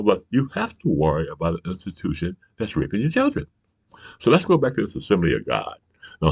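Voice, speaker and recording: Gravelly deep-voiced man ranting. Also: no echo. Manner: heated, profane, keeps asking "you understand?". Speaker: show host. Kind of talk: ranting political monologue.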